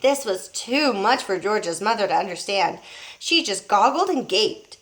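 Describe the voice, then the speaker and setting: A teacher reading a children's book aloud to young pupils, pausing to show the pictures. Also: female voice, mid-range voice. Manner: expressive, showing pictures as she reads.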